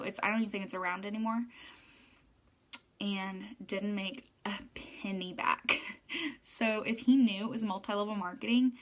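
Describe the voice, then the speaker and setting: A young adult woman, a hairstylist, talking casually to her viewers in a chatty, rambling way with many fillers. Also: mid-range voice.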